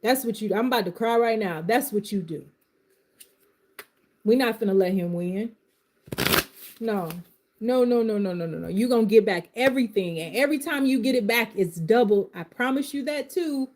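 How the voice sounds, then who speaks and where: A woman talks straight to her viewers on a live stream, by turns gently reassuring and fiercely worked up. Her voice sits a little high yet sounds warm and mellow, and her speech is loose and colloquial, full of Southern turns of phrase. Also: normal speed, pauses often. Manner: impassioned, swings from soft comfort to fired-up outbursts; uses Southern vernacular. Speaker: live tarot reader. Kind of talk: live-stream reading and pep talk.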